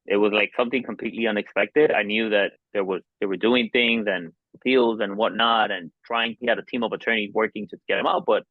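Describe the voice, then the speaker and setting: A man in his forties from Miami, a podcast guest telling a personal story in an earnest, halting way with many restarts. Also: fairly low pitch, steady tone, no echo. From Miami, United States. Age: 40s. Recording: dull, dry lo-fi sound.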